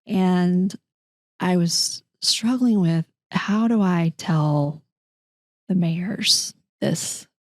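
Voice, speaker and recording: A middle-aged woman, a guest telling a personal story in an interview, animated and voicing the people in her story. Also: lowish voice, drawn-out words, no echo, studio quality. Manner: animated, acts out quoted dialogue, frequent restarts. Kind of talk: conversational storytelling.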